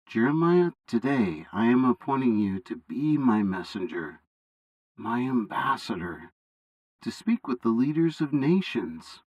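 A man voicing God as a calm, fatherly deity in a bible story reading, speaking steadily and with authority. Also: medium pitch, measured pace, no echo, rough recording. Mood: reassuring.

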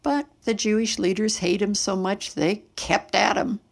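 A woman's voice: mid-range voice, unhurried, creaky. A woman voicing a male Roman soldier who gossips in a matter-of-fact tone. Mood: gossiping.

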